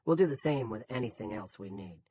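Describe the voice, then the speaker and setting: A man's voice: fairly low pitch, lively intonation, fairly quick, close to an everyday voice. A bossy middle-aged town boss barks folksy orders and scoffs at objections, as a male narrator voices him. The recording is dull with a faint hiss under it.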